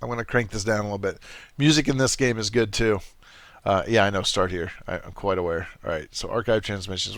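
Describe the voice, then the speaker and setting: A man's voice: lowish voice, gravelly, fairly bright tone, no echo. Chatty man commenting on gameplay. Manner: chatty, self-correcting asides. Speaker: let's play host.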